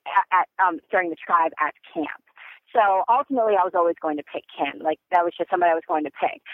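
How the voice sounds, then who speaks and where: A young woman on a phone call as a podcast guest, talking in an excitable, rambling way with many fillers. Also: lowish voice, dry recording. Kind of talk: phone interview. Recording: tinny phone line.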